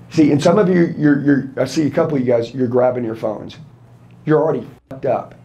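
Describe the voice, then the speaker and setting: Man, 30s, sales trainer, profane, confrontational, slightly high voice, mellow dark tone. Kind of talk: fired-up motivational seminar talk.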